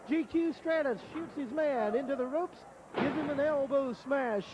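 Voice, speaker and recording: A man calling a wrestling match play by play in a folksy, excited way. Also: very high voice, moderate pace, background noise. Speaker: wrestling commentator. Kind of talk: play-by-play commentary.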